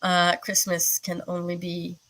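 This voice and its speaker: A woman's voice: fairly low pitch, completely flat delivery, unhurried, fairly bright tone, poor audio. A woman hosting a live stream who chats casually with her viewers, rambling along with plenty of fillers. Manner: rambling and chatty, with many fillers; replies to viewer comments as she goes. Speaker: livestream host chatting with viewers.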